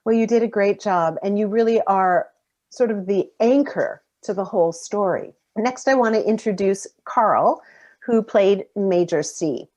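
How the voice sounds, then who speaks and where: A woman hosting a behind-the-scenes interview over a video call, introducing each guest in an upbeat, measured way. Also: medium pitch, darkish tone. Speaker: interviewer host. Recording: muffled lo-fi video call audio.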